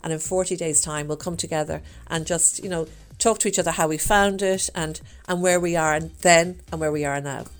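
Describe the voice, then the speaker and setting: Irish lady in her 50s chatting away, pretty low voice, upbeat and rambly. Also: steady tone, brisk, hardly any pauses, soft background music. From Ireland. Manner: chatty and upbeat, full of fillers. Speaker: challenge participant. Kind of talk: casual chat.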